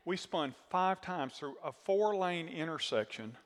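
A man preaching a sermon as pastor, telling a story with animated asides and questions to the congregation, his voice a little worn. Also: on the high side, measured pace, in a large hall. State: voice worn from screaming.

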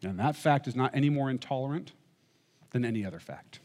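A man's voice: medium pitch, expressive, fairly quick, a little mellow. A man preaching a sermon, emphatic, and often asking rhetorical questions. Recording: echoey hall reverb.

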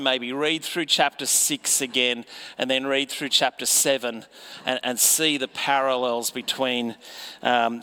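A man's voice: medium pitch, pushed and bright, smooth. A man preaching a sermon in a conversational way, often putting rhetorical questions to his listeners.

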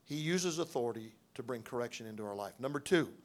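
With medium pitch, lively intonation and a quick pace, a middle-aged man preaches through a story from his own life. His sermon storytelling is conversational, full of acted-out dialogue and frequent restarts.

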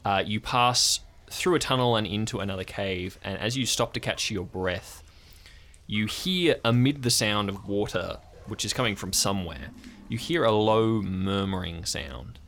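Low-voiced man running a tabletop game. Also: slight background noise. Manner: relaxed, halting, with fillers. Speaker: game master.

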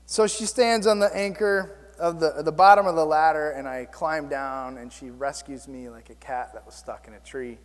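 A male pastor preaching a sermon, telling stories in an animated, self-mocking way. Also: on the high side, moderate pace, hardly any pauses, big-room sound.

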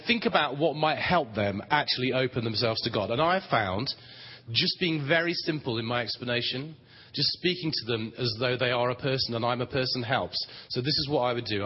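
A man's voice: medium pitch, breathy edge. A man giving a plain, conversational teaching talk on prayer at a Christian conference, with dry humor. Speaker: conference speaker on prayer ministry. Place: large conference hall. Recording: dull, reverberant hall recording.

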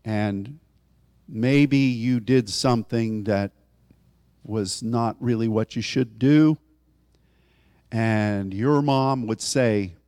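A man's voice: drawn-out words, pauses often, dry recording. Guy preaching casually, talks like he's chatting, voice jumps up when he gets going, dry close sound. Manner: conversational, animated, rises in pitch for emphasis. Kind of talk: sermon.

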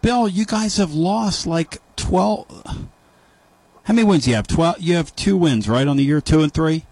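A man's voice: on the high side, moderate pace, darkish tone, no echo, poor audio. A man hosting a sports call-in radio show, ribbing his callers with needling jokes. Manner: joking, needling banter. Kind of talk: casual sports talk.

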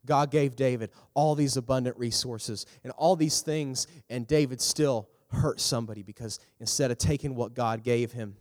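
A man preaches a youth sermon in a mid-range voice, turning animated and loud whenever he acts out a scene. His words carry a long reverb from a large hall. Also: moderate pace, few pauses. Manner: animated, acts out characters with big pitch jumps. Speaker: youth pastor.

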